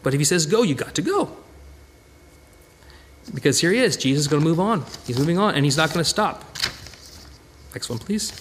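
A man preaching a conversational sermon as pastor, chatty and animated, often restarting and repeating words. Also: on the high side, brisk, long pauses, a little hiss or hum.

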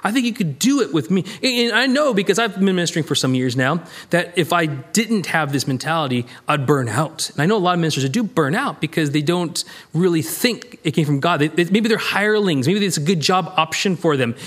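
A man with a fairly high voice and a slightly fast pace teaches a verse-by-verse Bible study as a minister. He's lively and conversational, reading scripture aloud and acting out the quoted lines.

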